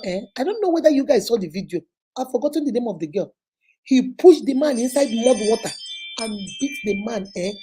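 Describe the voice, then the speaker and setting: A woman's voice: on the high side, slight background noise, rough recording. A woman in her thirties with a Nigerian accent, hosting a casual advocacy talk and telling stories animatedly, acting out the people she quotes. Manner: animated storytelling, acts out quoted voices. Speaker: vlog host.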